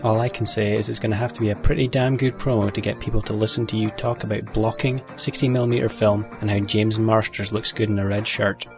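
A wisecracking man in a comedy podcast promo, sarcastic and dry. His voice is gravelly and somewhat low. Faint music sits behind him. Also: steady tone, quick pace, few pauses. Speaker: podcast co-host.

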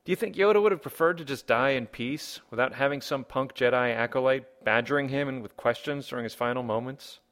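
A man's voice: mid-range voice, fairly quick, hardly any pauses, fairly bright tone. A man hosting a comedy podcast, reading listener comments and rambling through wry rhetorical questions. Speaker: podcast host.

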